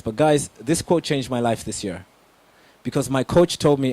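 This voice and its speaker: A young man giving an energetic motivational talk on public speaking, addressing the audience directly with emphatic questions. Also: medium pitch, moderate pace, breathy edge, dry recording.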